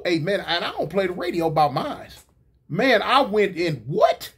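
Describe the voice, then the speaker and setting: A man telling a funny story in a casual, slangy, animated way, getting loud and excited at the big moments. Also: high-pitched, measured pace, breathy edge. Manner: animated, slangy, rising to near-shouts at the peak.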